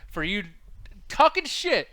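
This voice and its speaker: A man's voice: very high voice, very animated, slow pace, bright, forceful tone. A man co-hosting a gaming livestream podcast, swearing, joking and rambling in casual banter. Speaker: podcast co-host.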